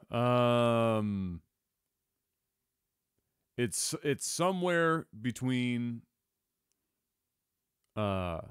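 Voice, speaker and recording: Profane, animated podcast co-host man. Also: medium pitch, drawn-out words, pauses often, smooth, no echo, studio quality. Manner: profane, animated, loud when excited. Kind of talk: casual crude banter.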